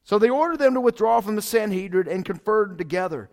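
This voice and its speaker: A man preaching a sermon as pastor, casual and excited, with big swells in volume. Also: high-pitched, quick pace.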